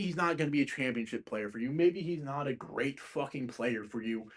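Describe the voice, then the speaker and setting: A young man hosting a casual livestream about basketball trades, rambling, swearing often and getting heated and loud. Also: mid-range voice, fairly quick, breathy edge. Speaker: stream host.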